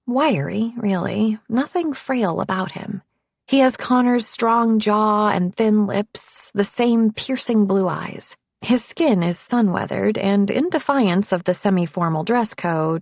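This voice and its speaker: A woman narrating a first-person audiobook in a measured, intimate way. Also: medium pitch, vocal fry, darkish tone, no room sound.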